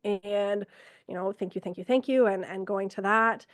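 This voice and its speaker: A middle-aged woman, an ER nurse from Canada, telling stories from work in a lively conversational way, acting out what she and others said. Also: mid-range voice, moderate pace, dry recording. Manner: animated, quotes herself and others, frequent fillers. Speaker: ER nurse, podcast guest. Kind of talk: conversational storytelling.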